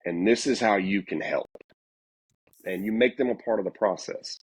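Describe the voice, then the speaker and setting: Husky low-voiced male paramedic guest. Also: normal speed, no echo, rough recording. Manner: instructive, coaching tone. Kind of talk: casual podcast discussion.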